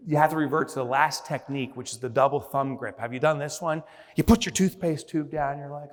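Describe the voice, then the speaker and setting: A man giving a conference keynote, telling a story with lively acted-out asides before moving on to business advice. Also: a little high, brisk. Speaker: keynote speaker. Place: large conference hall. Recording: reverberant hall.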